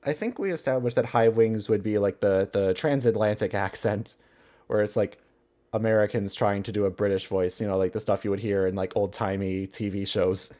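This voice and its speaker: Low-voiced man chatting on a livestream. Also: steady tone, moderate pace, mellow. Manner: musing aloud, chuckling often. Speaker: livestreamer reading chat. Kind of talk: casual livestream chat.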